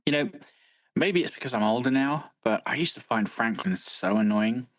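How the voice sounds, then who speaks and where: A man's voice: mid-range voice, expressive, normal speed, fairly bright tone, no room sound, rough recording. A man co-hosting a film podcast, analytical and blunt, swearing freely. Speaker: podcast co-host. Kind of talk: casual film discussion.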